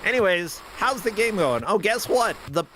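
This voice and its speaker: A man's voice: high voice, expressive, normal speed, pushed and bright, a little hiss or hum, low-quality recording. Joking American man commentating a stream. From United States. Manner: joking, rambling, laughs often. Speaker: tournament commentator. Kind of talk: casual livestream commentary.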